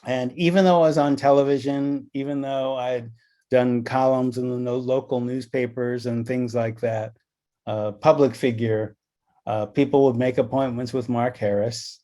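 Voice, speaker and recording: A man's voice: mid-range voice, level tone, normal speed, dark tone. A middle-aged man from Los Angeles giving a training talk, telling stories and acting out the dialogue in them. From Los Angeles, California. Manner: storytelling, acts out quoted dialogue. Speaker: presenter on anti-racism. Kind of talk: recorded training session talk.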